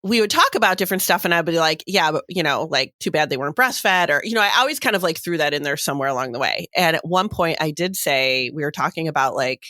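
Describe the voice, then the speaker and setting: A woman's voice: deep voice, quick pace, few pauses, no room sound, studio quality. A woman co-hosting a podcast, telling stories in casual chat with lots of fillers. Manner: animated storytelling with many fillers. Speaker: podcast co-host.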